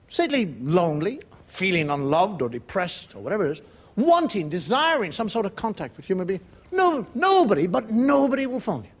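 High, lively wry male comedian. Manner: wry, mock-indignant storytelling with swearing. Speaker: comedian host. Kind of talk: stand-up monologue. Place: TV studio before a live audience.

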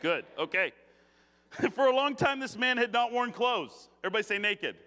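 A man preaching a conversational sermon in a church, joking, animated and laughing often. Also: extremely high pitch, moderate pace. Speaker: guest preacher. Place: church sanctuary. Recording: long reverb of a church hall.

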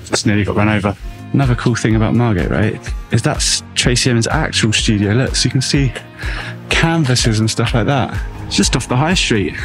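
A man's voice: medium pitch, lively intonation, fairly quick, a bit bright, soft background music. A man talking as a vlogger outdoors on a town street, musing in a loose, reflective way. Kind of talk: casual walking vlog. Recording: street traffic noise behind.

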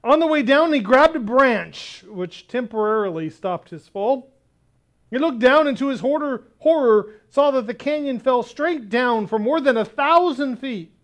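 A male pastor preaching a sermon, telling a story and slowing down hard on key words. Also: very high voice, lively intonation. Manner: emphatic, slows down on key words.

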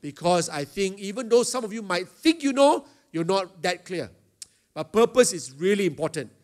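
Middle-aged pastor, slightly raised pitch, gives a youth chapel lesson with lots of "uh" pauses. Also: male voice, sing-song, darkish tone. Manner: talks to a live student audience, asks them questions; frequent hesitation fillers. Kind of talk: teaching a youth chapel talk.

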